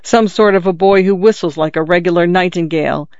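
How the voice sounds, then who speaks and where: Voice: medium pitch, fairly quick, darkish tone, no room sound, lo-fi sound, natural voice. A reader voicing a skeptical old father who grumbles and philosophizes with dry humor. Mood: grumbling. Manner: wry, musing, dry humor.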